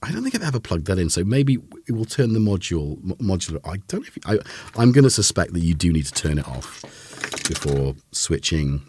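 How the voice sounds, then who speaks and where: A man's voice: low-pitched, big pitch swings, fairly quick, darkish tone, slight background noise. A man hosting a casual live synth demo, rambling with lots of fillers and self-corrections. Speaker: host of a synth livestream.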